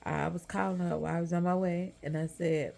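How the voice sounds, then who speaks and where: Gravelly low-voiced woman. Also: steady tone, fairly quick, darkish tone. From Texas. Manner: candid, emotional, addresses viewers as y'all. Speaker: vlogger. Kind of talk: personal storytelling. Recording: light background noise.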